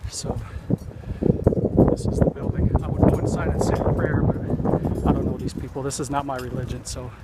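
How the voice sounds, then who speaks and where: A man's voice: mid-range voice, flat delivery, moderate pace. A man from Wisconsin, chatty and direct, vlogging a bicycle ride on an outdoor trail, a little out of breath. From Wisconsin, USA. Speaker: cycling vlogger. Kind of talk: casual vlog narration. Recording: loud outdoor noise.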